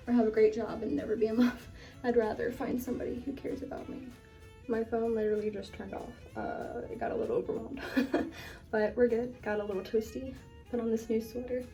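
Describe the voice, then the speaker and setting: A woman's voice: a little high, far from the mic. A young woman vlogger chatting casually while curling her hair, answering viewer questions with plenty of ums. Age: young adult. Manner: relaxed and chatty, frequent ums.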